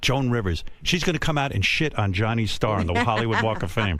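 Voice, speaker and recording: A man's voice: on the low side, lively intonation, fairly quick, hardly any pauses, a bit bright, slight background noise. Brash older man, boastful radio host. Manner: brash, boastful, jumps into mocking voices. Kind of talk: crude comedic radio banter. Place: radio studio.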